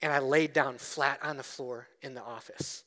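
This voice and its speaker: A man's voice: mid-range voice, steady tone, moderate pace, a bit bright. A man preaching a sermon as pastor in a church, talking conversationally and telling a personal story with acted-out quotes.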